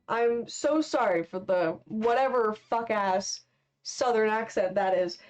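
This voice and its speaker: A woman's voice: fairly high pitch, unhurried, darkish tone. A young woman chatting casually while she draws on a live stream, rambling and filling gaps with "like" and "um". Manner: rambling, heavy on fillers. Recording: dull lo-fi stream mic.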